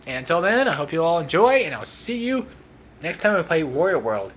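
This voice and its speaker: A man's voice: fairly high pitch, big pitch swings, brisk, fairly bright tone, a little hiss or hum. A young man rambling through casual gameplay commentary as a let's play host, talkative and self-mocking. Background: faint game music.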